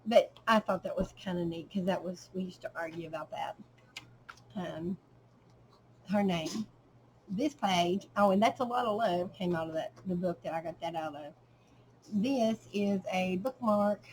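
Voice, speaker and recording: A middle-aged woman showing a handmade journal in casual show-and-tell narration, at an unhurried pace with frequent ums and trailing pauses, at home. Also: lowish voice, a little mellow, a little hiss or hum, poor audio.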